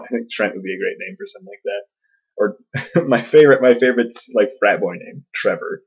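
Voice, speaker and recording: A man's voice: mid-range voice, sing-song, a little fast, gravelly, husky, lo-fi sound. A man hosting a podcast, telling a casual, self-deprecating story with many fillers and restarts. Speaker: podcast host.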